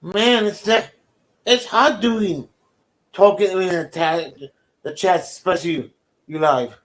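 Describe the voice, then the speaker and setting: A man chatting casually on a livestream, halting and stumbling over his words. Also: high voice, a bit bright.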